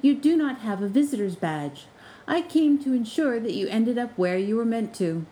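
A woman's voice: a little high, moderate pace, voice pushed up, natural voice, rough recording. A woman voicing a male house spirit working as a college porter, formal and dryly polite. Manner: formal, deadpan, sly.

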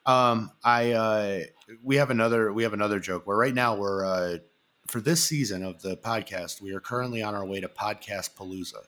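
A man's voice: fairly low pitch, normal speed, a bit bright. A man hosting a podcast, chatting casually and rambling through stories with lots of fillers and restarts. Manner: rambling storyteller, many fillers and restarts, acts out quotes. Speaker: podcast host. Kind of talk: casual chat.

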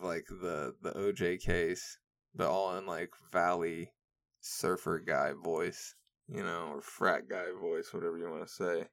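His voice is low-pitched and creaky but fairly bright in tone. A young man running a podcast alone, he chats casually, rambles, swears, and keeps breaking into laughter.

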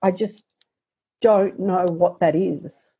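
A middle-aged woman with a somewhat low, husky voice shares a personal story in an interview. Her tone is mellow and soft-edged. She speaks haltingly and reflectively, often pausing and restarting. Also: fairly even intonation, lo-fi sound. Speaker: guest.

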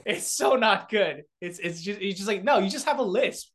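A man's voice: sits high, animated, moderate pace, a bit bright, a little hiss or hum. A young man from South Korea, a comedian and beatboxer, chatting as a guest with lots of fillers, restarts and laughter. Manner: rambling, many filler words and restarts, laughs often. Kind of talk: casual interview chat.

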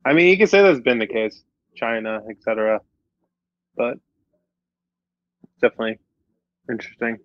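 A man's voice: mid-range voice, expressive, moderate pace, long pauses, dry recording, highs cut off. A man musing in a casual chat, hesitant and full of fillers. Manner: hesitant, lots of fillers and restarts.

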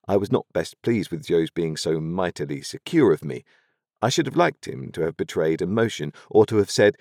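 A man reading a classic novel aloud as an audiobook narrator, in expressive, measured storytelling. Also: sits low, no room sound, clean studio sound.

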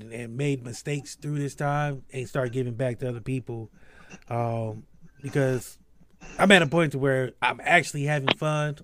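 A man hosting a podcast in casual chat, laid-back and slangy, laughing often, with a sore throat. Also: mid-range voice. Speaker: podcast host.

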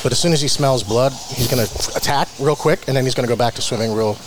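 Middle-aged man from New Jersey, guest, lively anecdote teller, mid-pitched, noisy recording. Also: quick pace. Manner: animated storyteller, acts out quotes with big pitch jumps. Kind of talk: casual interview chat.

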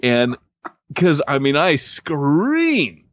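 Forties dude co-hosting a podcast, super lively storyteller, slightly high voice, dry muffled sound. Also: male voice, extremely slow, dry recording. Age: 40s. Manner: animated storyteller, acts out voices. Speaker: podcast co-host. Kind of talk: casual chat, storytelling.

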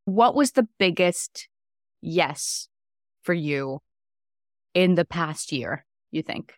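A young adult woman co-hosting a podcast, talking in an animated, casual way with lots of filler words. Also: fairly low pitch, slow, dry recording, clean studio sound. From Iceland. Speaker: podcast co-host. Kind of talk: casual chat.

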